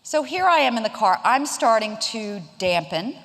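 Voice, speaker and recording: A woman's voice: fairly high pitch, very animated, normal speed, a bit bright, a little hiss or hum. A woman in her fifties from South Carolina gives a humorous, conversational keynote talk, telling a story from her own career. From Charleston, South Carolina. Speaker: keynote speaker. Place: event hall. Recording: long reverb of a lecture hall.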